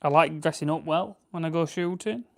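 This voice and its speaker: There's vocal fry in this man's fairly quick, high-leaning voice. He's a Yorkshire-accented farming channel host from Barnsley, England, preparing game birds on a casual livestream and rambling and self-correcting while answering viewers.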